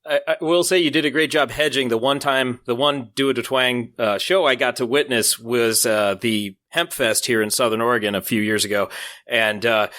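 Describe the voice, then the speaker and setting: Male co-host, mid-pitched, easygoing, short casual replies. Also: fairly bright tone. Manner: easygoing, brief affirmations. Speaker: podcast co-host. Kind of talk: casual interview chat.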